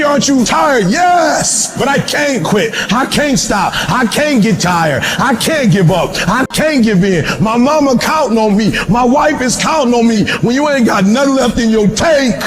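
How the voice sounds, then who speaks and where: High-voiced man shouting a motivational speech. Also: noisy background. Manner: shouting, preacher-like, repetitive. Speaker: motivational speaker.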